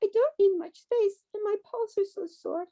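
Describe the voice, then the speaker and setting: A woman voicing a tiny, weary male mouse in a picture-book reading, in a high squeaky voice. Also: moderate pace, mellow. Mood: pleading.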